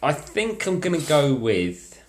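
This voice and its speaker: A man's voice: on the high side, big pitch swings, a little slow, slight background noise. A young man in casual chat about films, hesitant and full of fillers and restarts. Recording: echoey room.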